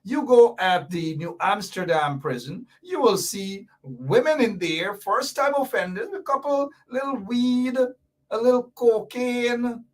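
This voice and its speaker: A man with a high voice hosts a lively commentary show. He hammers his points home and repeats them, with sarcastic asides along the way. He sits a little away from the microphone. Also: unhurried, recorded from a distance. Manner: emphatic, repetitive, sarcastic asides. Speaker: host. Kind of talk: animated political commentary show.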